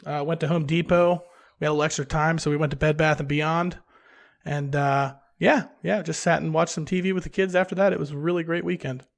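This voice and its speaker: A man co-hosting a comedy podcast, full of playful teasing and quick follow-up questions. His voice is slightly high and noticeably gravelly. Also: fairly even intonation. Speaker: podcast co-host. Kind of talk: casual comedic chat.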